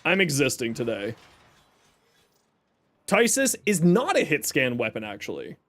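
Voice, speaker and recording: A man's voice: mid-range voice, huge pitch swings, a little slow, fairly bright tone. A young man streaming a game, chatting casually with viewers, joking and explaining his build. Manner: chatty, jokey, reads chat aloud and explains builds. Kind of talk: casual live stream chat.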